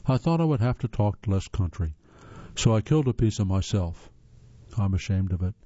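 On the low side and mellow, this man's voice is captured dry on a slightly dull lo-fi recording. He's from the northern United States, earnestly hosting article readings with asides and the odd stumble.

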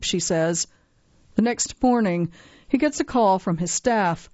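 Woman narrating a magazine story, measured reading, kinda muffled dry recording. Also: medium pitch, darkish tone, no room sound. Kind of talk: scripted narration. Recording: dry, slightly dull lo-fi sound.

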